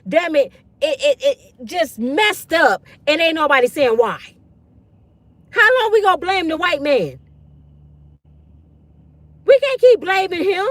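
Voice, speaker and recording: A woman's voice: very high voice, a bit bright, no echo. A woman ranting bluntly and profanely in a casual livestream on her phone. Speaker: online commentator.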